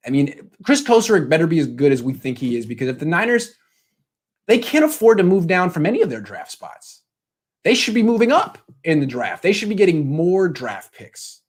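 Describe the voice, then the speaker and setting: A man giving casual sports commentary with a sarcastic, ranting manner and quick asides. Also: fairly high pitch, big pitch swings.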